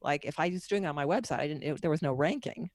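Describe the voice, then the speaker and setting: A woman's voice: low-pitched, lively intonation, fast, a little mellow, no echo. A middle-aged woman being interviewed as a guest author and coach, telling her story in a candid, personal, wandering way.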